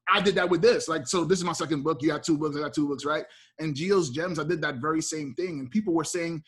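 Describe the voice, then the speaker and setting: A man in casual podcast conversation, talking about writing a book in an enthusiastic, animated way. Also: fairly high pitch.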